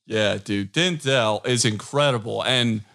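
A man interviewing a guest in casual chat, enthusiastic and quick to laugh, often restarting his sentences. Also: medium pitch, gravelly, a bit bright.

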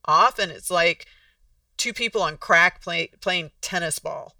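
A casual podcast host with a gravelly, bright voice, explaining things conversationally and acting out little example exchanges. The sound is dry, picked up from a bit away from the microphone. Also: mid-range voice, unhurried, no echo, far from the mic. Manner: conversational, restarts sentences, acts out example dialogues.

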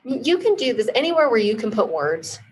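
A woman who founded a marketing agency, a guest in an interview, explaining ideas in a measured, teacherly way with examples. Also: a little high, sing-song, a little hiss or hum, low-quality recording. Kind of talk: casual interview chat.

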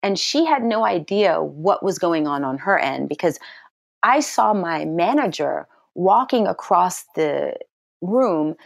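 Lively middle-aged woman telling a story. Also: unhurried, gravelly, no echo, clean studio sound. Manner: lively storyteller who acts out quotes in a high excited voice. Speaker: actress. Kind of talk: personal storytelling in an interview.

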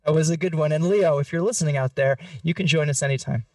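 A man's voice: fairly high pitch, quick pace, no echo, recorded from a distance. A man hosting a podcast, talking in a playful, jokey way. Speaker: podcast host. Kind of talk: casual podcast discussion.

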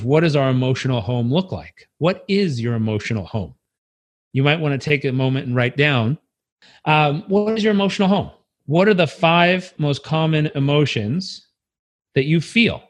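A man giving a motivational talk, animated and acting out little scenes in other voices. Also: medium pitch. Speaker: motivational speaker.

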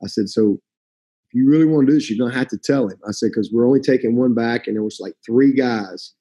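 A middle-aged man, a college football coach, telling a story in a casual, animated way and acting out the voices of the people he quotes. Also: mid-range voice, fast, slightly rough.

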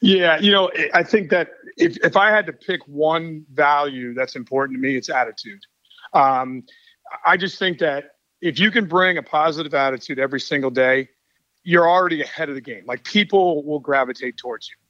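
Speaking at a normal pace in a voice on the high side, a middle-aged baseball coach who also writes books spins stories energetically during a relaxed interview. The call-mic audio has no room sound and the highs are cut off.

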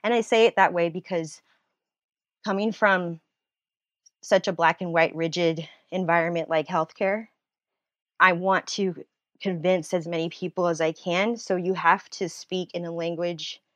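A woman speaking as a guest in a casual interview, a nurse and writer who talks in an animated, rambling way with frequent laughter and restarts. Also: on the low side, measured pace, no room sound, dull audio.

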